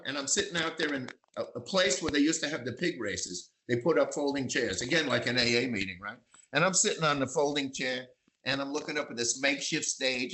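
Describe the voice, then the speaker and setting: An older man from the Bronx, telling lively anecdotes as a guest, acting out voices and singing bits of songs. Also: mid-range voice, slight background noise, poor audio. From East Bronx, New York. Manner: animated raconteur, acts out voices and sings snatches. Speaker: magazine publisher, guest. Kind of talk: storytelling interview.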